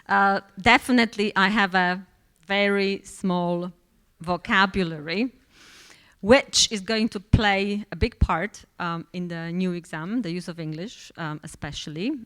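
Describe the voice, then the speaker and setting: A woman presenting to a room of teachers, pausing often with fillers and restarting her phrases. Her voice sits at an everyday middle pitch. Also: fairly bright tone. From Poland. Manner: hesitant, many fillers and restarts. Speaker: teacher trainer. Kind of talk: workshop presentation.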